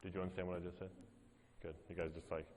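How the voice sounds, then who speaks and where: A low-pitched man leads a gym class, counting reps and talking through each movement as he demonstrates it. His voice carries a long reverb, as if he is recorded in a big hall. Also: flat delivery, rapid-fire, a little mellow. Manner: coaching, counts reps aloud, demonstrates as he talks. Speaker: fitness instructor.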